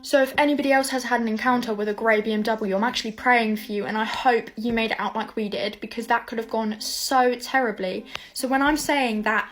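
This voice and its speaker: A woman's voice: fairly high pitch, fairly even intonation, brisk, hardly any pauses, fairly bright tone. A woman talking straight to her viewers in a casual, earnest, emphatic way. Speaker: content creator. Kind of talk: casual social video talk.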